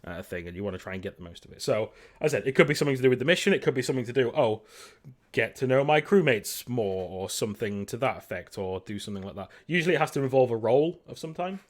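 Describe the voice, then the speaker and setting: A man's voice: medium pitch, animated, racing. A man running a tabletop role-playing session over voice chat. His voice sits in a middle range, and he is upbeat and chatty, laughing easily between questions. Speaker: game master.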